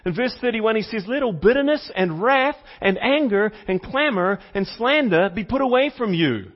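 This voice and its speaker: A man preaching a sermon as a pastor, teaching step by step, repeating key points for emphasis, and putting questions to the congregation. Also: sits high. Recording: slightly dull, lo-fi sound.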